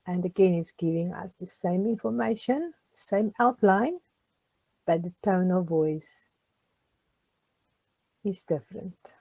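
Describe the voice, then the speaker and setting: A woman's voice: mid-range voice, expressive, takes it slowly, gravelly, pauses often, warm tone, no room sound. A woman, a social worker giving a chatty, encouraging tutorial to a group, with many ums and questions to her listeners. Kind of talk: casual recorded tutorial.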